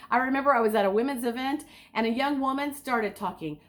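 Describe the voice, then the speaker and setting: Lively, animated woman giving speaking tips. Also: sits high, normal speed, hardly any pauses. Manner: enthusiastic, sometimes overly excited; asks the listener direct questions. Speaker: speaking coach. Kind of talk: instructional talk.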